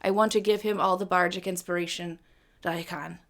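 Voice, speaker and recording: A woman's voice: on the low side, fairly even intonation, brisk. A woman hosting a live music stream, chatting casually between songs, rambling and swearing freely with self-mocking humor. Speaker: livestream host and singer.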